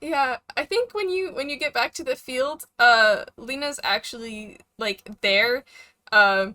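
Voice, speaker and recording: A woman game master narrating a tabletop game with a high, bright voice. She talks animatedly, laughing often, recorded close and dry with no room sound. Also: unhurried, dry recording.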